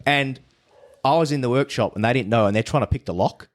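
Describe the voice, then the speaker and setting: A man's voice: mid-range voice, fast talker. A man who is a podcast guest tells his story in casual chat. He swears freely and often restarts his sentences.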